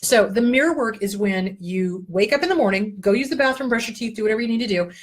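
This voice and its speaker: A fast-talking woman with a medium-pitched voice, she works as a therapist and hosts a show. Her casual self-help advice comes out blunt, earthy, and profane as she leads the listener through exercises step by step, with lively asides thrown in.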